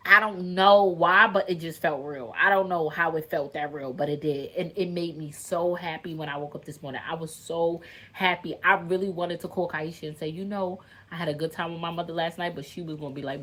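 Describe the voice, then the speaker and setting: A woman speaking in in an emotional vlog, venting straight to her viewers, animated and swearing freely. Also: lowish voice, moderate pace. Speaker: content creator venting to viewers.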